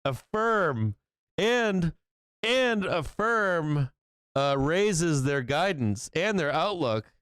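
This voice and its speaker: Male market-stream host, swears freely, laughs in disbelief; smooth voice, dry close mic. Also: a little high, very animated, very slow, a bit bright, no echo. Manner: profane, incredulous, laughing often. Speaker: stock market livestream host. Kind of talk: live market commentary.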